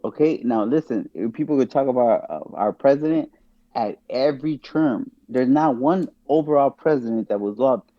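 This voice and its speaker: A man with a mid-range, expressive voice talks at a normal speed as a podcast guest, emphatically arguing his views in casual, opinionated discussion. He keeps returning to rhetorical questions, repeatedly asking "guess what." The recording is muffled, with no room sound.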